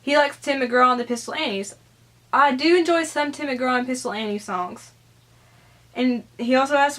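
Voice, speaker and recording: Young woman, Southern accent, chatty and rambling, fairly high voice, casual vlog. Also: normal speed, a bit bright. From American South. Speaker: YouTuber answering viewer questions.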